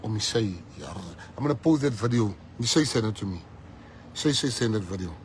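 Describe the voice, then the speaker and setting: A South African man, a political leader, giving a fiery rally speech, breaking into loud shouts at the peaks. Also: lowish voice, animated, fairly quick, a little hiss or hum. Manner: fiery, switching between English and Afrikaans, shouting at peaks.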